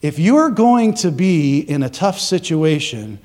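A male pastor preaches a sermon in a chatty, animated way and keeps asking his congregation questions. His voice sits fairly high for a man. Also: slow. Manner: conversational, animated storytelling, asks the congregation questions.

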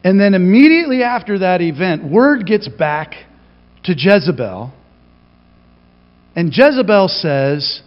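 A man preaching a sermon as pastor, telling the story with animated delivery and acting out the quoted lines. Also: high-pitched, a little slow, pauses often. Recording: reverberant, dull lo-fi hall recording.

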